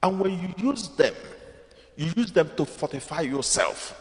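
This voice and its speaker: A man's voice: on the high side, lively intonation, a little slow. A man with a Nigerian accent, preaching a sermon as a priest that mixes Igbo and English, asking the congregation questions and building up emphatic repetitions. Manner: call-and-response preaching, rising emphatic repetition. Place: church. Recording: long church reverb.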